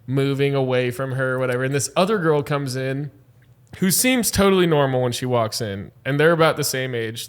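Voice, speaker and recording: A man who tends bar tells a story in casual podcast chat, animated and full of "like", swearing freely. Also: medium pitch, smooth. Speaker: bartender. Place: bar venue.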